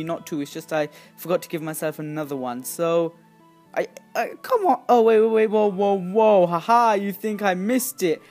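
A woman hosting a gaming video, giving excitable, chatty commentary as she plays and often squealing in excitement. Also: mid-range voice. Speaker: gaming channel host. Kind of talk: casual game commentary.

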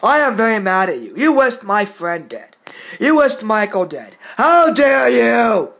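A man ranting to his phone camera in a vlog, scolding and repeating himself slowly and emphatically. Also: high-pitched, huge pitch swings, a bit bright. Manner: repetitive, scolding, slow and emphatic. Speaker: video uploader. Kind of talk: angry vlog rant to camera.

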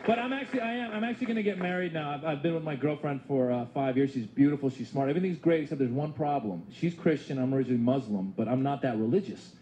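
A man's voice: on the high side, fast talker, few pauses, warm tone, muffled recording. A young male stand-up comedian from Iran with a chatty style full of rhetorical asides, performing a set. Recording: live club with audience laughter and noise.

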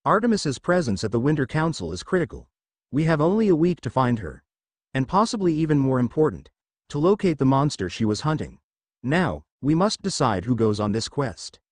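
A wise old centaur mentor speaks in measured, cautioning tones with a lively pitch, as a man narrating puts him on. The recording is close and dry, with no room sound, and the centaur sounds grave and steady. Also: no echo.

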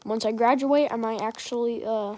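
A woman's voice: a little high, steady tone, moderate pace, a little mellow. Young woman rambling over gameplay. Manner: rambling, chatty, keeps asking to subscribe. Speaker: gaming channel creator. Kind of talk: casual gameplay commentary.

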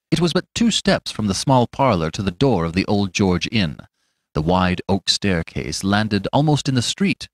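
A man with a low voice narrates a classic tale in an expressive storytelling style, and his pitch moves up and down freely. The recording is dry and close, with no room sound. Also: normal speed, no echo. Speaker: podcast host and audiobook narrator.

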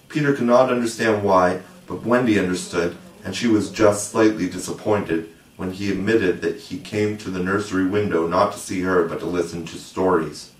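Low-voiced man reading a storybook. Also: moderate pace. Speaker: audiobook reader. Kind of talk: storybook narration. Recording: roomy, distant mic.

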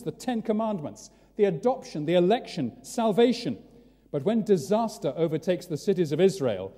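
A man preaching a sermon in a large church, telling it with lively, dramatic storytelling. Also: on the high side. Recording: long church reverb.

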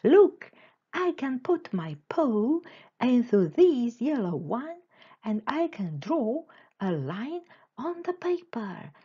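A woman's voice: fairly high pitch, big pitch swings, slow pace, mellow, slightly rough, dull audio, exaggerated voice. A woman voicing an eager, exclaiming little hamster in a children's storybook. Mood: excited.

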